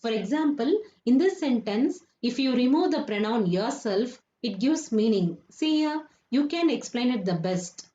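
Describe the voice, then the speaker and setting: A woman's voice: a little high, expressive, measured pace, hardly any pauses, mellow. A woman teaching children a grammar lesson, often repeating points and asking if they understood. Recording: echoey room, dull lo-fi sound.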